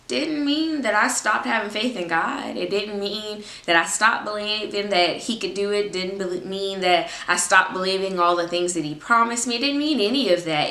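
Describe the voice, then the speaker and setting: A woman in her twenties giving a casual, expressive faith talk as a Christian vlogger, chatty and informal. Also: mid-range voice, a little slow, reverberant. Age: 20s. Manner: expressive, acts out her own prayers; informal, chatty, laughs often.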